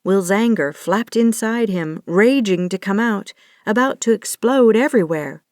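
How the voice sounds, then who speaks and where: A woman narrating an audiobook romance in a measured, even manner. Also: mid-range voice, no echo, clean studio sound. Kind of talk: scripted narration.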